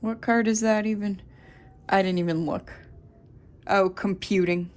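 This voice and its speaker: A woman's voice: mid-range voice, steady tone, a little slow, a little mellow. A woman in her thirties giving a casual, rambling tarot reading to camera, thinking aloud with many fillers. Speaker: tarot reader.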